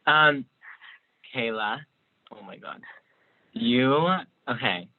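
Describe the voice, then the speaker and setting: A man's voice: medium pitch, lively intonation, slow pace. A young man, a student, giving a nervous, choked-up tribute to a friend on a video call. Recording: tinny video call audio.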